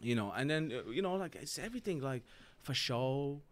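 A man's voice: mid-range voice, normal speed. A man with a London accent, a comedian guest chatting casually and telling stories with plenty of slang. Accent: London English. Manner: animated, slangy storyteller, acts out voices. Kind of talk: casual podcast chat.

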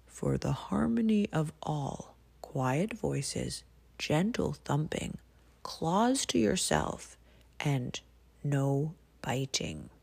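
Brief: woman reading as a calm, patient bull musk ox, slow, low and gravelly. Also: heavily acted. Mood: firm, patient. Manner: calm, measured, laying down rules. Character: big gentle male musk ox, patient host.

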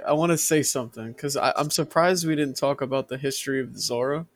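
A man's voice: mid-range voice, fast, no room sound. A man co-hosting a casual chat about a video game, eagerly chiming in with his own points.

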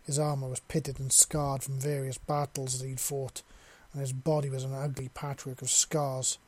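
A man reads a science fiction story aloud in a steady, plain way. His voice is mid-pitched for a man, neither high nor low. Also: moderate pace. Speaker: narrator. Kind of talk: storybook reading.

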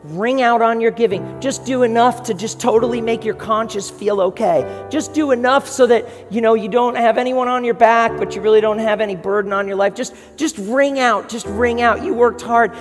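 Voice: mid-range voice, moderate pace, hardly any pauses. A preacher delivering an impassioned sermon full of repeated exhortations. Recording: long hall reverb, clear music behind.

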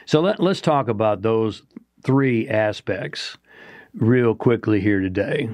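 A man's voice: lowish voice, lively intonation, slow pace, darkish tone, no room sound. Earnest preacherly man, dry close sound. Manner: earnest, preacherly, asks rhetorical questions. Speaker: podcast co-host. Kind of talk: motivational talk.

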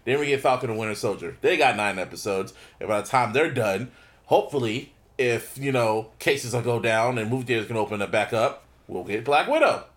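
A man's voice: mid-range voice, lively intonation, brisk. Hyped, swearing male podcast host. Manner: loose, profane, hyped. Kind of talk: casual podcast chat.

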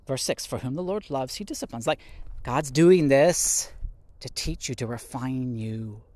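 A man giving a casual podcast sermon on scripture, animated and laughing often as he acts out quotes. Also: medium pitch, measured pace, no room sound. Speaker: podcast Bible teacher.

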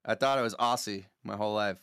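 A man's voice: on the high side, animated, brisk, a bit bright, dry recording, studio quality. A man, a podcast guest, ranting bluntly and swearing freely in casual chat. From Boston area, USA.

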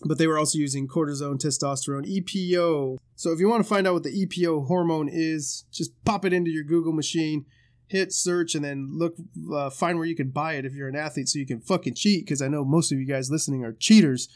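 A man co-hosting a podcast in casual chat, telling stories loosely with swearing, jokes and quick put-on voices. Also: fairly high pitch. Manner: loose, swearing storyteller who does voices and laughs often. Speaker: podcast co-host.

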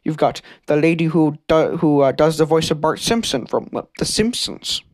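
A man's voice: on the high side, lively intonation, moderate pace, dry recording. A man hosting a comedic conspiracy podcast, rambling and stammering in a mock-serious way. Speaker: podcast host.

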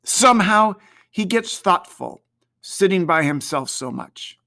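A reader voicing a cheerful, gentle poor father who speaks tenderly about his family, in an audiobook. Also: animated, measured pace. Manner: gentle, tender, lifted pitch.

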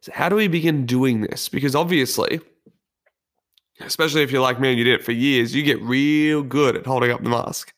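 A man delivering a personal development talk as a solo motivational monologue. He speaks earnestly and candidly, in a reflective tone. His voice sits at an ordinary middle pitch for a man. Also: brisk, fairly bright tone.

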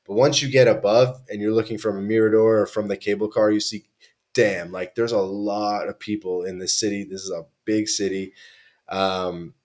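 A man's voice: lowish voice, fairly even intonation, normal speed, a little mellow. A young man from Canada, a podcast guest telling travel stories in a laid-back, slangy way with many restarts. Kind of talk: casual chat.

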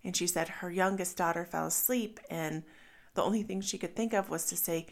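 In a personal vlog monologue, a mother in her thirties shares stories plainly, as if talking to a friend, with candid, reflective openness. Her voice sits a little low with a gravelly edge of fry, and she speaks at normal speed.

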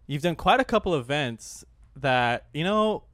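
A young man hosting a podcast in casual, joking chat, excitable and full of slang. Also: a little high, a little slow, no room sound. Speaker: podcast host.

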